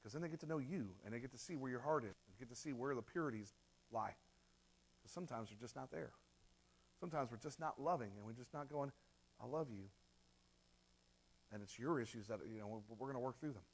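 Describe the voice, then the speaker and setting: A man preaching a sermon in a conversational way, acting out quick quoted voices and laughing at his own jokes. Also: mid-range voice. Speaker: pastor.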